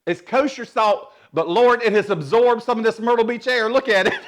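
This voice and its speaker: A man's voice: high-pitched, expressive, normal speed, few pauses, fairly bright tone. A man in drag persona, hosting a comedic cooking show and telling sassy, salty joke stories in a kitchen. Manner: sassy, salty storytelling with laughs.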